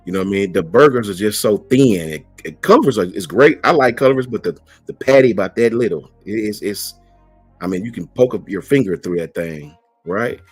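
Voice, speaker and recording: A man's voice: lowish voice, lively intonation, a little fast, breathy edge, no room sound, faint music behind. Laid-back man hosting a live stream. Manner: laid-back, slangy, reads out and answers chat messages. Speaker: host. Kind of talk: casual live-stream chat.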